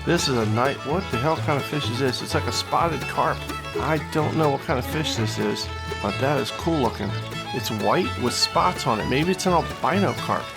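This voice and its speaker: A man giving casual, joking play-by-play commentary as host of a gaming video, excitable and full of trash talk. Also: medium pitch, moderate pace, vocal fry, over loud music.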